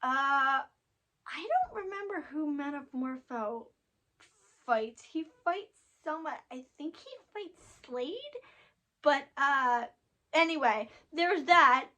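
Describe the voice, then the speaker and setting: A young woman casually recapping and reviewing an animated episode, chatty and animated, with frequent fillers and restarts. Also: sits high, slow.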